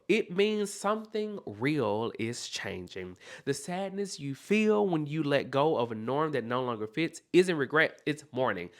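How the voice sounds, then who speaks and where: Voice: medium pitch, a bit bright. A podcast host giving a motivational monologue, speaking emphatically, repeating key points and often checking in with listeners. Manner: loose, conversational delivery with self-corrections.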